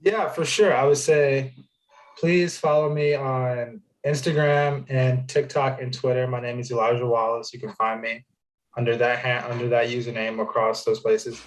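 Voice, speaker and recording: A young man chats casually as a guest. His voice sits at an ordinary, middle pitch. He tells stories loosely, full of fillers and restarts. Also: fairly even intonation, moderate pace, poor audio. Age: young adult. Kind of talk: casual interview chat.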